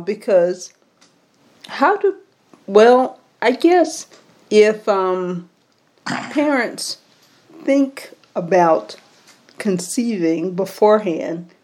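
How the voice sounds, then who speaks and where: Slow, musing woman co-hosting a talk show. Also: medium pitch, a little mellow. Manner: musing, hesitant, full of fillers. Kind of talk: casual talk show chat.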